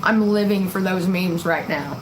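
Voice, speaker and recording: A woman's voice: lowish voice, normal speed, slight background noise, poor audio. A woman hosting a casual live stream, telling rambling, profane stories and laughing often.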